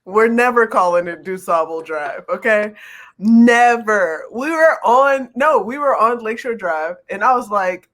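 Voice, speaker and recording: A woman co-hosting a late-night podcast, telling stories in lively casual chat and often breaking into laughter. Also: mid-range voice, normal speed. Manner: lively storytelling with bursts of laughter. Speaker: podcast co-host.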